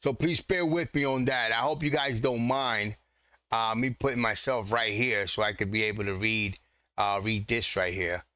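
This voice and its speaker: A man's voice: fairly low pitch, fairly even intonation, normal speed, pushed and bright, clear, resonant tone, dry recording. A man from the Caribbean hosting a reaction video, chatting casually and puzzling aloud over lines he can't follow. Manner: chatty, repeats himself, puzzles over what he hears. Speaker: reaction channel host.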